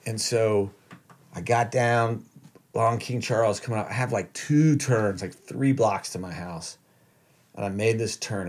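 A man's voice: fairly low pitch, a little slow. A man telling a long, rambling story to friends in casual chat, full of "like" and restarts.

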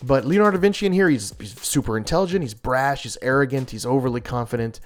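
A man's voice: mid-range voice, quick pace, soft background music. A man reviewing comic books in an enthusiastic, casual way, gushing with frequent restarts and small laughs.

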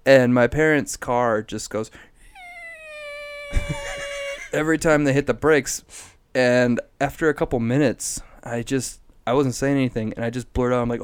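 A man's voice: medium pitch, steady tone, normal speed, pauses often, slight background noise. A man co-hosting a beer-tasting podcast, telling a rambling story and laughing often. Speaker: podcast co-host. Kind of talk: casual chat over beer tasting.

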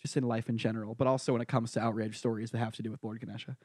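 A man hosting a casual podcast panel chat, animated and prone to quick asides and restarts. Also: mid-range voice, breathy edge, no room sound, studio quality. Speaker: podcast host.

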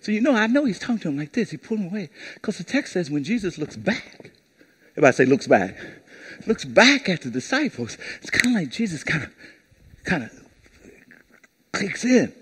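A man's voice: a little fast, husky. A male pastor preaching a sermon to a congregation, calling on them to repeat key words back to him. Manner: lively call-and-response preaching, asks the congregation to repeat words; acts out brief quoted voices in a lowered tone. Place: church service before a congregation.

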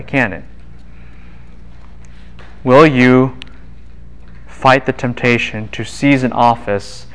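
A man giving a university Bible lecture, lively and quizzing the class with quick asides. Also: mid-range voice, low-quality recording.

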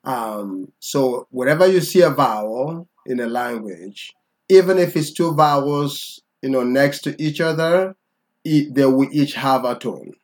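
Guy teaching a language lesson, mid pitch, patient, keeps going okay?. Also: measured pace, darkish tone. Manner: patient, repeats "okay?" to check understanding.

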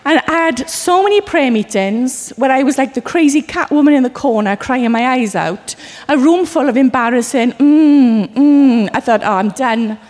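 A woman from Wales preaching a sermon, telling stories with lively acted asides. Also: high voice, normal speed, few pauses, in a large hall. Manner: animated storytelling with acted asides.

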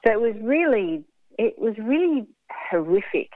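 A woman telling a hard personal story in an interview, frank and blunt, halting with fillers and restarts. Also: on the high side, sing-song, no echo. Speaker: interview guest. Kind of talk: candid emotional storytelling. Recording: phone-like dry line.

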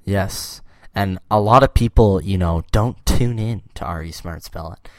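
A man's voice: low voice, a little slow, no echo. A young man hosting a podcast, chatting casually and rambling with jokes and laughs. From Canada. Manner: rambling, jokey, laughs often. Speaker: podcast host.

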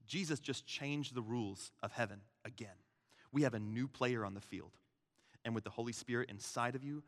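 A man delivers a sermon with animated energy, bursting into voiced quotes of the people he describes. His mid-range voice carries a long reverb from a large church hall. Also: medium pitch. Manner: animated, acts out voices of Jesus and crowds. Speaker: pastor.

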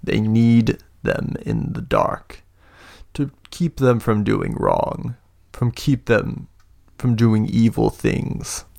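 A man voicing a big, scheming older lord with one good eye who speaks in slow, grandiose speeches and laughs deep and booming. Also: wildly swooping pitch, gravelly, a little mellow, dry recording, clean studio sound, full character voice. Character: imposing older male lord, scheming, one-eyed mentor. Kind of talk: tabletop role-play narration.

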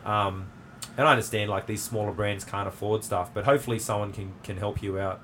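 A man's voice: on the low side, fairly even intonation, a little fast, fairly bright tone, a little hiss or hum. A man with an Australian accent hosting a casual interview, talking in a rambling, laid-back way with lots of fillers. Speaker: podcast host and jiu-jitsu academy owner.

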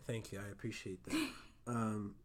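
Loud, passionate young man on a podcast. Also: lowish voice, huge pitch swings, normal speed. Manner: loud and passionate, argues with emphasis. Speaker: podcast co-host. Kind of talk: casual couple chat.

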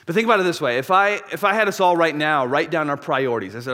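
A man in his thirties, a pastor preaching a sermon in a church, telling a personal story in a candid, animated way with confessional asides. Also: a little high, a little fast, few pauses. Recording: long reverb of a large church hall.

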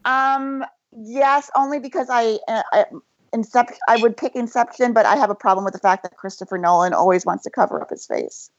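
A woman's voice: fairly high pitch, big pitch swings, a little fast, no room sound, muffled recording. A woman on a film podcast panel, chatting casually, gushing but self-aware. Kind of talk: casual chat.

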